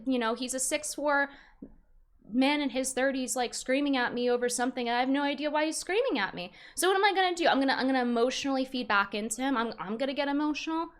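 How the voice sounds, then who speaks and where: A woman's voice: high-pitched, fairly quick. A young woman streamer rambling in frustration about a falling-out, with many restarts and fillers. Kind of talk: casual stream commentary.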